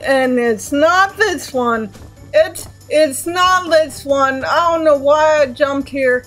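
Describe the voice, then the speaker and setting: A woman's voice: sits high, slow, fairly bright tone, soft background music. A young woman commentating her gameplay in a casual, anxious way, exclaiming and repeating herself often. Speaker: let's play gamer.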